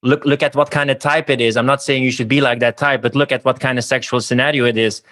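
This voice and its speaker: A man's voice: mid-range voice, steady tone, fast, a bit bright. A man on a podcast ranting scornfully in casual chat.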